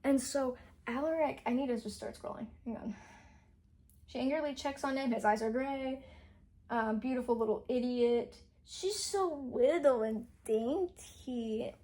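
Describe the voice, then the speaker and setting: A young woman with a high, warm voice talks at a measured pace, casually recapping a novel's plot as a book reviewer. She rambles and says "like" constantly.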